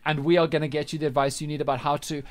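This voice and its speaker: A man's voice: a little high, flat delivery, rapid-fire, dry recording. A man hosting a breakfast radio show, teasing and playful. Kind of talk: casual radio banter. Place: radio studio.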